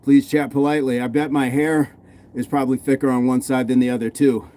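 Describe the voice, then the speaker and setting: A man's voice: mid-range voice, flat delivery, fairly quick, dark tone. An American man hosting a fitness livestream, casually reading and answering viewer comments between workout sets. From United States. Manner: laid-back, answers chat questions while working out.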